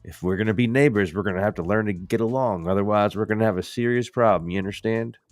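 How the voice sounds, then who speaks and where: A man's voice: on the low side, quick pace, dry recording, soft background music, lightly acted. A man putting on a tough-talking voice to warn off a new neighbor with stern, repeated threats.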